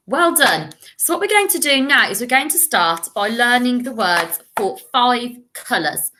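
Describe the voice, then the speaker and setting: An English woman, a primary school teacher, giving a recorded lesson to children, speaking clearly and encouragingly and modelling words for them to repeat. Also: fairly high pitch, lively intonation, a little slow, hardly any pauses, bright, forceful tone, a little hiss or hum.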